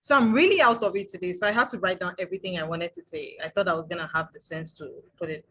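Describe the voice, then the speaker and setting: A woman's voice: fairly low pitch, fast, a bit bright, low-quality recording. A woman hosting a book club chat. She talks casually and chattily and laughs easily. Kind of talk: casual conversation.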